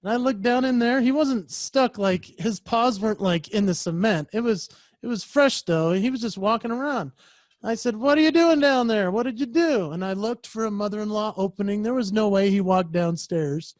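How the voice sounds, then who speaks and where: A man who is a professional speaker, telling a story in a lively keynote style and acting out voices and sounds over a video call. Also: sits high, moderate pace, dry recording, studio quality.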